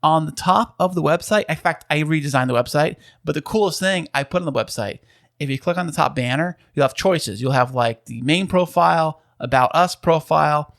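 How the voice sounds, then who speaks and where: A man's voice: fairly high pitch, fairly quick, gravelly, fairly bright tone, no room sound, studio quality. A man co-hosting a podcast in casual chat, upbeat and chatty, explaining things at length. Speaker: podcast co-host.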